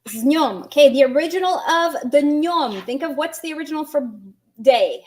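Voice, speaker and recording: Woman, language teacher, fairly high voice, patient and chatty, quizzes viewers as she explains. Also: animated, a little mellow. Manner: patient, explains slowly, asks students questions. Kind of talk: online language lesson.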